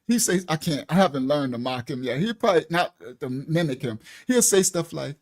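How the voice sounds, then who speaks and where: A man with a slightly high, highly animated voice hosts a ministry show in a preaching-style commentary. He speaks in loose, colloquial street talk, repeating himself for emphasis and constantly checking in with his listeners. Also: fairly quick. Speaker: ministry host.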